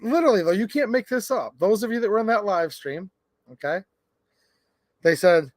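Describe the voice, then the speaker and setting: A man hosting a casual live stream, chatting and reading viewer comments aloud in an animated way. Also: high-pitched, normal speed, no echo, clean studio sound. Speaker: livestream host. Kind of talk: casual livestream chat.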